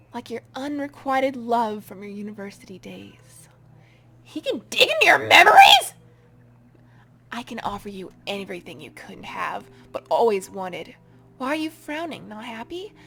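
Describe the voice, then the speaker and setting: Woman doing a soft clingy amoeba man. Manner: soft, low and breathy, at times whispered. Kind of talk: game voice reading.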